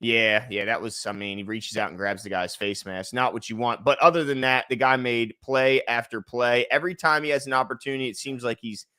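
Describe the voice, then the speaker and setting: A man's voice: medium pitch, steady tone, brisk, hardly any pauses, bright, forceful tone, clean tone, no echo, clean studio sound. A man hosting a casual sports show, emphatic and rattling off game stats. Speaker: sports podcast host.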